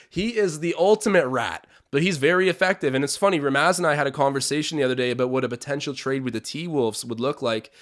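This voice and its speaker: A man's voice: a little high, fast, hardly any pauses, fairly bright tone. A young man hosting a live-stream watch-along, chatting opinions, calling plays and reading out viewer comments.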